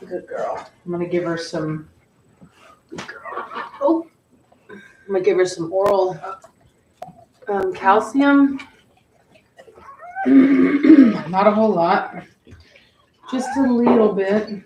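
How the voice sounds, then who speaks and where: A woman's voice: mid-range voice, slow, long pauses, warm tone, muffled recording. Woman breeder, casual and soothing, far from the mic, echoey and noisy room. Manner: soothing, coos to a dog in labor. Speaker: dog breeder filming a whelping. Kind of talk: casual vlog.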